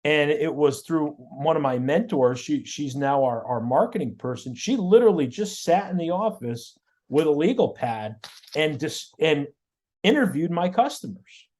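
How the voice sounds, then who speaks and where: A man, a guest on an interview show, tells his stories in an animated way and often repeats words and restarts mid-sentence. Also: on the high side, moderate pace. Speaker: guest, auto body shop owner. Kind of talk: storytelling in a podcast interview.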